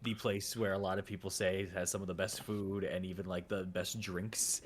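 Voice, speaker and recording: A man's voice: low-pitched, flat delivery, moderate pace, slight background noise. A man running a tabletop game as game master, narrating in a rambling, self-correcting way with many fillers.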